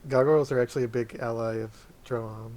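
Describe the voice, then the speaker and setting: A man's voice: mid-range voice, fairly even intonation, brisk, a little mellow. A man running a tabletop game, chatting casually with his players over a voice call and laughing often. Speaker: dungeon master. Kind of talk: casual chat planning a tabletop campaign. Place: voice chat call.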